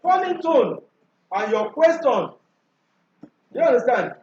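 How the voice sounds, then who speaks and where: In a school classroom, a man with an extremely high, darkish voice leads a revision lesson, quizzing students and repeating his questions in an animated but slow manner. Recorded from afar, the echoey room sounds dull and lo-fi, with slight background noise.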